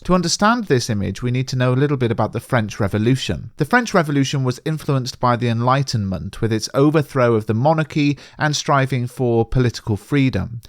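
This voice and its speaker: A man giving a scripted revision lesson, explaining clearly and slowing down to read the quotations aloud. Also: mid-range voice, animated, no echo, clean studio sound. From England. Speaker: teacher.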